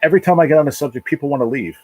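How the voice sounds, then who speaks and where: A man hosting his own livestream from his apartment, talking casually and emotionally in a halting, repetitive way with a lot of swearing. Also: a little high, rough recording. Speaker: livestream channel host. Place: apartment at home.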